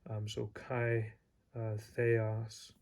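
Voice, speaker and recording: A man's voice: fairly low pitch, completely flat delivery, very slow, a little mellow. A man teaching a casual lesson, rambling and hesitant with many fillers and restarts. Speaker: Greek teacher.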